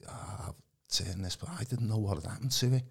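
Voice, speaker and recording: A man telling his personal testimony in a casual, animated way. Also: on the low side, a little fast, creaky, slightly rough. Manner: animated, acts out quoted voices, calls the host mate. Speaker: guest giving testimony. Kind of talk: casual storytelling.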